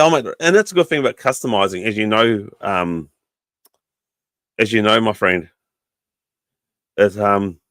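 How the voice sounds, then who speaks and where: A man's voice: lowish voice, a bit bright, no room sound. A man with a New Zealand accent hosting a casual livestream podcast, rambling with lots of ums and chummy asides to viewers, his throat sore and catching. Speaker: podcast host.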